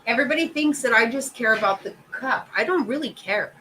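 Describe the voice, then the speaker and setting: A woman's voice: a little high, animated, fairly quick, pushed and bright, a little hiss or hum, rough recording. A middle-aged woman hosting a casual chat, profane and exasperated, laughing often. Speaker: host.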